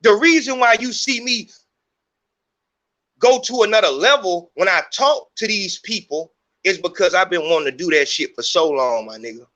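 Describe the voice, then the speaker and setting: A man's voice: sits high, animated, moderate pace, sharp tone. A middle-aged man hosting a podcast, talking in a heated, profane, rambling monologue. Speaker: podcast host. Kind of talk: unscripted monologue.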